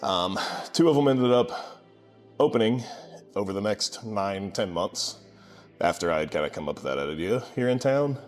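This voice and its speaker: A low-voiced man in his twenties tells his story casually and with a sarcastic edge. His voice jumps up when he acts out the people in it. Soft music plays quietly behind him. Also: expressive, moderate pace, long pauses. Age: 20s. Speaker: gym owner vlogger.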